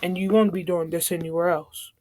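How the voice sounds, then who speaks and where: A woman's voice: lowish voice, fairly even intonation, brisk, a little mellow, natural voice. A firm, no-nonsense male teacher breaking up a fight and handing out punishment, as a woman narrating puts him on. Plain voice, authoritative. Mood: stern. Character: stern adult male teacher.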